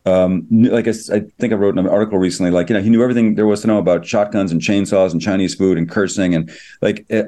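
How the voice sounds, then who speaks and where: A middle-aged man, a screenwriter, telling stories in an interview with quick enthusiasm and many restarts. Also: lowish voice, dark tone. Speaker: screenwriter and producer. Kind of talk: interview, anecdotal storytelling.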